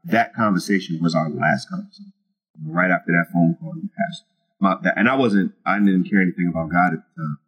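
A man's voice: low-pitched, brisk, dull audio. A man telling his personal testimony as a guest in an interview, earnest and casual, with many fillers and restarts. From Virginia.

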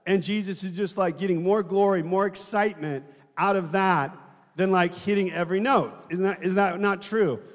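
A man's voice: sits high, normal speed, in a large hall. A man preaching a sermon in a conversational way, often asking the congregation questions.

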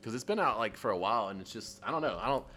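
A man's voice: medium pitch, expressive, racing, bright, forceful tone. Laughing, rambling man in casual chat. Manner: laughs often, rambling, says dude a lot. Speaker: podcast co-host.

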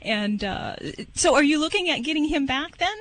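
A woman hosting an advice radio show, answering a caller in a measured, reassuring way. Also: high voice, expressive, a bit bright. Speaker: radio show expert host.

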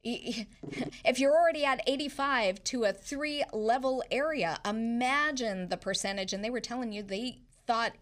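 A woman's voice: on the high side, normal speed. Emphatic woman program host. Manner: emphatic, cuts in with facts and figures. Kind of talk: interviewing a guest.

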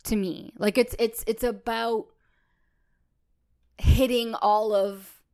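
A woman's voice: on the high side, fairly even intonation, slow pace, a little mellow. Woman, podcast co-host, casual chat, enthusiastic, thinks aloud.

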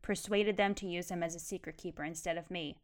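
A woman's voice: lowish voice, steady tone, fast talker, natural voice. Woman reading a guilt-ridden haunted man. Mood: remorseful.

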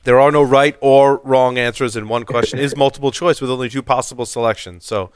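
A man's voice: mid-range voice, steady tone, fairly quick, clean tone, no echo, clean studio sound. A man hosting a panel show, asking quiz questions in a playful, teasing way. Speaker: host.

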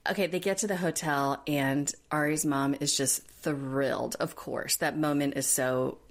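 A woman co-hosting a podcast, recapping a show in a chatty, animated, sarcastic way. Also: deep voice, unhurried. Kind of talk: casual chat.

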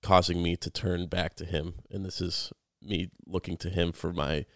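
A man's voice: low voice, flat delivery, normal speed, vocal fry, fairly bright tone, no room sound, clean studio sound. A man co-hosting a podcast, talking earnestly and reflectively through a Bible passage in casual chat. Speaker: podcast co-host.

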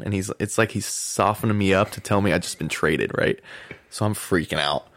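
A man, a former pro baseball player, telling an animated story in a podcast interview and acting out the quotes. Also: deep voice, a little fast, no echo. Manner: animated anecdote, acts out quotes, laughs often.

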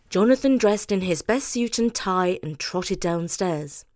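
A woman hosting a show, reading a children's story aloud in an expressive way. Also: mid-range voice, no room sound, clean studio sound. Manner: expressive, animated. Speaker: host reading children's stories.

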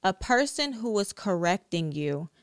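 Woman podcast host, mid pitch, smooth, earnest teaching cadence. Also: big pitch swings, measured pace, no echo, clean studio sound. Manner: earnest, direct, preaching cadence with repetition. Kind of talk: faith-based podcast teaching.

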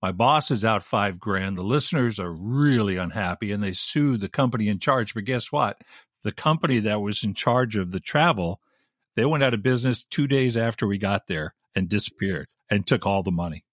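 A man who works in radio, telling animated, wry anecdotes in a casual chat. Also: on the low side, normal speed, no room sound, studio quality. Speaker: radio DJ guest.

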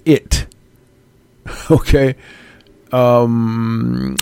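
A man's voice: medium pitch, slow pace, long pauses, clean tone, no room sound. Guy ranting casually to his viewers, swears a lot, laughs a bunch, dry close sound. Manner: animated, swears freely, laughs often. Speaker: host.

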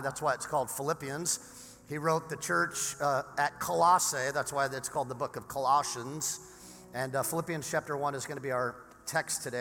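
A man preaching a sermon as pastor, hoarse from having lost his voice, with energetic delivery that climbs toward shouting. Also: mid-range voice. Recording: large hall reverb with faint music.

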